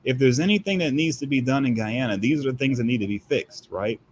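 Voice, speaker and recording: A man's voice: mid-range voice, quick pace, a little hiss or hum. A man talking as a guest commentator in heated political commentary, emphatic and firing off rhetorical questions.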